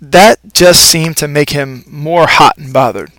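A man reading a children's storybook aloud in a playful, expressive first-person narration. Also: fairly high pitch, a little slow, no room sound. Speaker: audiobook narrator.

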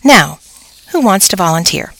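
A woman voicing a stern female schoolteacher who speaks brisk and matter-of-fact to her class in a storybook reading. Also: on the low side, sing-song, vocal fry, a bit bright, no room sound, heavily acted. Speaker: teacher.

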